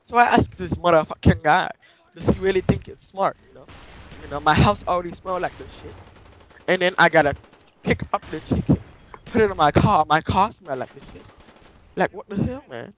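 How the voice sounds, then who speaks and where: High-voiced man rambling profane gameplay commentary. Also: moderate pace, fairly bright tone, a little hiss or hum, rough recording. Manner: profane, says "you know" constantly, broken grammar. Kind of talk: rambling comic storytelling over gameplay.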